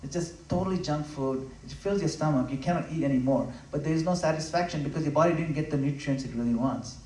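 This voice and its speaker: In a room in a home, a fairly high-voiced man gives a passionate devotional talk, his delivery swelling to loud, emphatic peaks before dropping low and intimate. He keeps it conversational and now and then acts out quick voices of his listeners, standing a little away from the mic in an echoey space.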